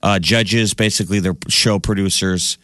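A man's voice: low voice, steady tone, normal speed, a bit bright, no room sound. A man hosting a radio show, chatting and joking casually with his co-hosts in a studio. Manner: chatty, joking, trailing off into asides. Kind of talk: casual morning radio banter. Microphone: studio microphone.

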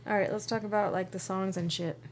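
Relaxed woman chiming in casually. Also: medium pitch, fairly quick, slight background noise. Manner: relaxed, chiming in with short agreements. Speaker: podcast co-host. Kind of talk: casual podcast chat.

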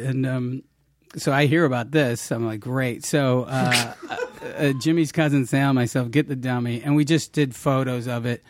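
A man's voice: medium pitch, steady tone, moderate pace. A man casually telling backstage stories about directing a television show, rambling with lots of fillers and restarts. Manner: rambling, many fillers and restarts, laughing asides. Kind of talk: casual storytelling chat.

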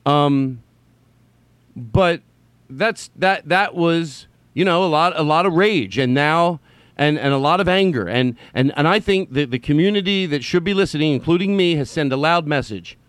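Speaking off the cuff, a man rambles through a personal monologue full of stammered restarts and blunt swearing, drifting from quiet musing into loud, impassioned ranting. His voice sits a little high, with lively intonation and a smooth quality at a normal speed. There's no room sound.

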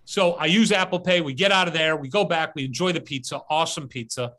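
A man hosts a podcast from outdoors and tells a story in a lively, animated way. His voice sits a little high and sounds bright and forceful. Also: brisk, few pauses. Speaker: podcast host. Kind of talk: casual storytelling. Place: outdoors as rain starts.

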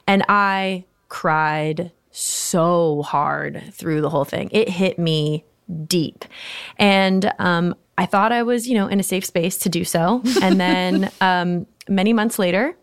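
A woman guest on a podcast, telling a personal story in a casual, animated way with bursts of laughter. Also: on the low side, unhurried, smooth, no room sound, clean studio sound.

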